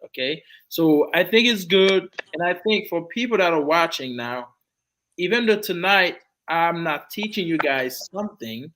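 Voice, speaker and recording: A man's voice: fairly high pitch, fairly bright tone, slight background noise, poor audio. A man teaching an online English class, wrapping up a discussion with his students in an encouraging, repetitive way. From Haiti. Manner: encouraging, repeats phrases.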